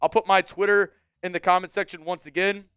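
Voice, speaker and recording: Male sports stream host, young, smooth and bright voice, casual, opinionated fan energy. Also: sits high, brisk, dry recording. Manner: casual, animated fan-style ranting. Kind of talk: live-stream sports talk.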